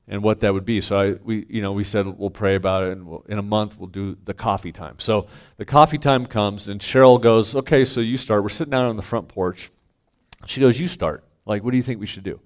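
A middle-aged man, a pastor, telling a candid family story to a congregation, self-mocking and swinging from quiet asides to loud punchlines. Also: fairly low pitch. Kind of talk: storytelling sermon.

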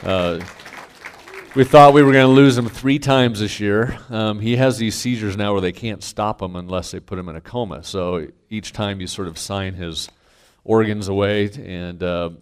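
A man's voice: fairly low pitch, normal speed, smooth, a faint crowd. Self-mocking middle-aged male pastor. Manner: candid, self-mocking, rising to loud punchlines. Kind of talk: storytelling sermon.

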